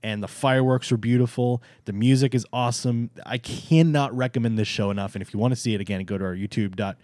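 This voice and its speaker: Talking fast in a mid-range, darkish voice with a steady tone, this man co-hosts a theme park podcast. The chat is casual but enthusiastic and emphatic, he plugs the channel, and the recording is dry.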